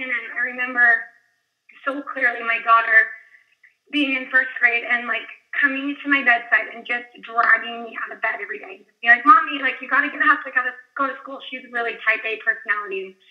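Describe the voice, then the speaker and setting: Scratchy-voiced woman on a phone line. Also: a little high. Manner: candid, rambling. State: scratchy, strained voice. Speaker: guest speaker, fitness coach. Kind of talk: casual personal story on a call.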